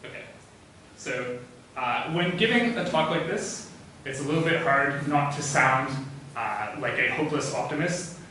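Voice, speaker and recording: A man's voice: on the high side, expressive, a little slow, sharp tone, distant mic, slight background noise. Man lecturing in an echoey hall. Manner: hesitant, many "uh" fillers, thinking aloud. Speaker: physics lecturer. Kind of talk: academic talk.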